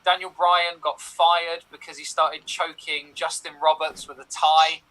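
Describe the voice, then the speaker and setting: A man's voice: a little high, level tone, measured pace, sharp tone, poor audio. A man co-hosting a casual chat in an easygoing, joking way, speaking into a computer microphone on a remote call. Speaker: podcast co-host.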